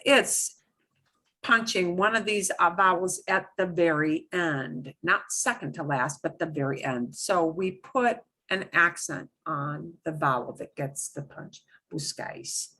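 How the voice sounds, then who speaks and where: A middle-aged woman leads an online beginners' language lesson, walking through the rules one step at a time. Her voice is bright and forceful, and her pace stays slow and deliberate. She keeps things lively with playful asides as she explains. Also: lowish voice. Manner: animated, playful exclamations while explaining. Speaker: Spanish teacher.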